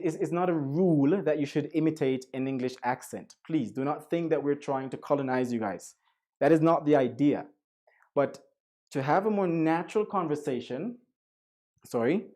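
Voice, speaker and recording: A man's voice: fairly high pitch, dark tone. A man from Jamaica, giving a chatty online lecture with Spanish asides. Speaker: guest lecturer.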